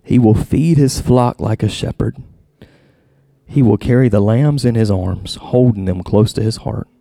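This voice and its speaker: With an unhurried, vocal-fry delivery, a pastor preaches and reads scripture, circling back over phrases as he searches for the right words. Passion pushes his voice higher and louder when he's moved. The recording is dry and studio-clean.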